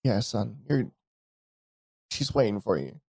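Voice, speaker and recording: A heartbroken father in a tabletop game, softly reassuring his son, as a man plays him. The voice is mellow and warm. It is recorded dry, close to the mic. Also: on the low side, big pitch swings, slow, gravelly, breathy edge, no room sound, heavily acted. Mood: consoling. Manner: soft, comforting speech. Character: grieving father, soft and consoling.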